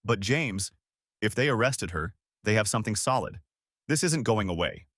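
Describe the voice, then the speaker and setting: A man's voice: fairly low pitch, animated, normal speed, a bit bright, no echo, studio quality. A man voicing a shocked male lawyer friend who is incredulous at the news, in a story reading.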